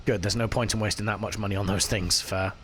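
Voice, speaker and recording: A man's voice: on the low side, fairly even intonation, fast, a bit bright, slight background noise. A man chatting casually with his live-stream chat while he plays, swearing now and then. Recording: faint music behind.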